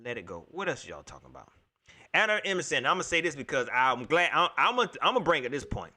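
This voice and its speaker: A man's voice: on the high side, big pitch swings, fast, bright, forceful tone. A man hosting a casual solo livestream, rambling and exasperated as he vents to his viewers and repeats his points. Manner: rambling, exasperated sports-fan venting to chat; addresses viewers directly, repeats himself. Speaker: livestream host.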